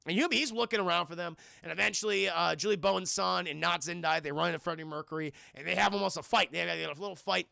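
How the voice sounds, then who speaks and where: A man's voice: high-pitched, quick pace, creaky, few pauses, pushed and bright, no room sound, clean studio sound. A man reviewing a film for his stream chat, telling the plot in a loose, profane ramble and calling out to the chat. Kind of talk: casual spoiler recap.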